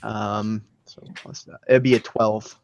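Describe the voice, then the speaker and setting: A man's voice: fairly low pitch, flat delivery, unhurried, gravelly, muffled recording, a little hiss or hum. A man playing a tabletop game, describing his character's actions step by step with some fillers. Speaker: player.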